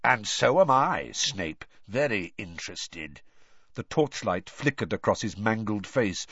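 A man narrating an audiobook in an expressive storytelling read. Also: mid-range voice, dry recording. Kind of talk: scripted narration. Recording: dry, slightly dull recording.

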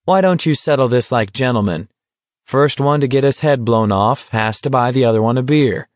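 A man's voice: medium pitch, normal speed, no room sound, natural voice. A man reading aloud, voicing a sardonic young man who teases the others in a mock-cheerful, sing-song way. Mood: needling. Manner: teasing, sing-song baiting.

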